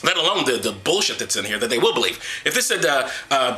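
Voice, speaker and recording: A man's voice: medium pitch, very animated, quick pace, hardly any pauses, bright, forceful tone. A man hosting a solo commentary, reading verses aloud and mocking them with irreverent, sarcastic asides. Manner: mocking, irreverent, with exaggerated sighs and hums. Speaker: host of an atheist commentary series.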